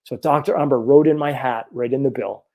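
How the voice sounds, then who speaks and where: Gravelly man in his fifties telling stories. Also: medium pitch, brisk. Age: 50s. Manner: animated, earnest storytelling. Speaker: chiropractor. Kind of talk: personal storytelling talk.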